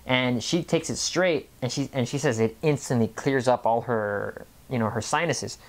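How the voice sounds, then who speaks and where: A casual vlog voice of middling pitch, rambling along and tripping over its own restarts. The speaker repeats words and jumps between thoughts, in a loose, unscripted monologue about everyday experience. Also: normal speed. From Mexican family background. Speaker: health vlogger.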